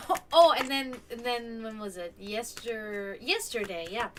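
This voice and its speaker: A woman hosting a home livestream, chatting casually and rambling, who laughs often, swears, and slips into high sing-song baby talk with her cats. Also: unhurried, background noise. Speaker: esoteric stream host. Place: home, indoors.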